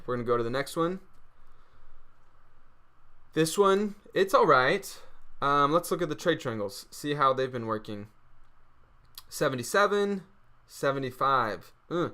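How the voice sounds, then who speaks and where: A man's voice: medium pitch, a bit bright, clear, resonant tone. A man with a Texas accent presenting a screen-share trading tutorial, upbeat and asking himself rhetorical questions he answers right away.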